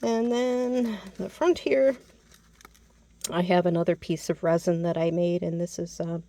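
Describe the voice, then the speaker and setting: A woman's voice: fairly low pitch, steady tone, unhurried, dark tone. A woman casually narrating a show-and-tell of her handmade craft project, often losing a word and correcting herself. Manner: chatty, loses words and corrects herself. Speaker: crafter showing a handmade mini album.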